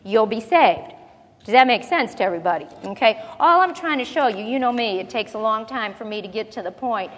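Woman preacher, slightly high-pitched, teaching scripture in a chatty way, reverberant hall sound. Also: expressive. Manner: conversational, asks the congregation questions; slows down to read scripture aloud. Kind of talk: sermon Bible teaching.

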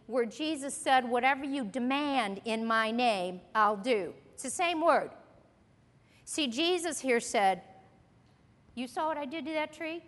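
High-voiced woman teaching scripture. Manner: earnest and emphatic, quoting scripture. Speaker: Bible teacher. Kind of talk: sermon. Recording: long hall reverb.

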